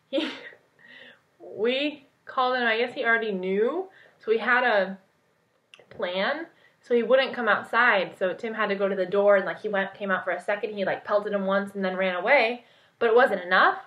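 A young woman vlogging, telling a story in an excited, rambling way full of "like". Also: mid-range voice. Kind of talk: casual storytelling vlog. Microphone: point-and-shoot camera mic. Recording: dull lo-fi camera audio.

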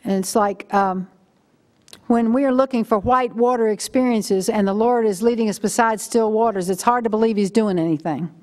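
A woman's voice: mid-range voice, normal speed, darkish tone. An older woman preaching a sermon in a conversational, storytelling way. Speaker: guest preacher.

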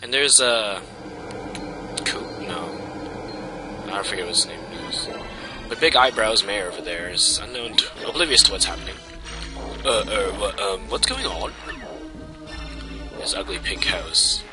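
A man's voice: fairly low pitch, normal speed, long pauses, over music, rough recording. A man giving casual, wry commentary over a video game playthrough. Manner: wry, joking. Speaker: let's play commentator.

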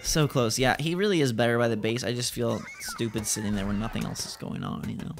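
A young man giving excitable let's-play commentary as a gaming channel host, exclaiming and repeating himself. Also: mid-range voice, a little fast, gravelly, soft background music. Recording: noticeable background noise.

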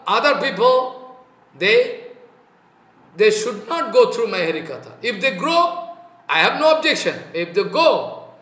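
A man's voice: sits high, sharp tone. A man with an Indian English accent giving an impassioned devotional sermon, repeating phrases for emphasis. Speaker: spiritual teacher. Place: online talk in an echoey room. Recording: echoey room sound.

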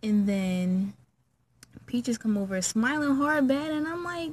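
A young woman vlogger casually telling a story from childhood, acting out the people in it with sudden high squeaky voices. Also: moderate pace, a little hiss or hum. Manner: animated, acts out her own and friends' lines in squeaky high voices.

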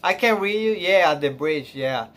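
A man's voice: fairly high pitch, expressive, a bit bright. Emotional man gushing on a stream. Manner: emotional, gushing, close to tears; halting, filler-heavy speech with sighs and laughs. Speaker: reaction streamer. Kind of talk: live stream reaction.

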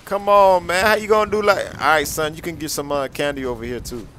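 A young man giving casual, excitable game commentary, full of slang and repeated reactions. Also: on the high side, brisk, slight background noise. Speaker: gameplay commentator.

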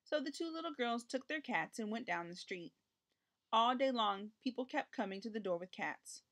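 A woman reading a children's picture book aloud in an expressive storytelling manner. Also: on the high side, normal speed.

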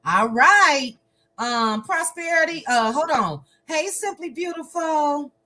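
A woman from Chicago hosting a livestream, chatting casually in a lively, playful, slangy way and reading out viewer comments. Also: sits high, slow pace. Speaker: livestream host.

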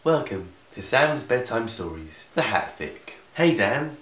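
Young man reading a story aloud, sarcastic asides, lowish voice, echoey room. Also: big pitch swings, a little slow, fairly bright tone. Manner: sarcastic, interrupts himself with asides. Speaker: vlogger. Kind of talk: comedic fan fiction reading. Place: room in grandparents' house.

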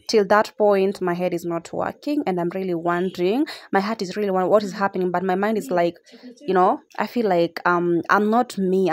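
A woman's voice: fairly low pitch, a little mellow. A young woman, narrating a casual vlog to her viewers and often repeating her phrases. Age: young adult. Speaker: vlogger.

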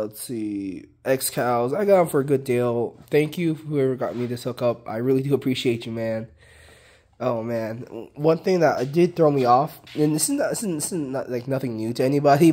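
Man, hoarse scratchy throat, casual rambling talk, swears a lot, mid-pitched voice. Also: darkish tone. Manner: rambling and profane. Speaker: fireworks collector. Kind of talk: casual chat.

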